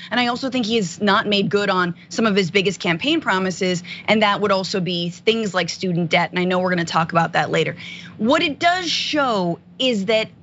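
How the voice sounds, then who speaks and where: Female commentary co-host, sardonic and animated; slightly muffled audio, faint background noise. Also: medium pitch. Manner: animated, sardonic, many fillers. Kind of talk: political news commentary.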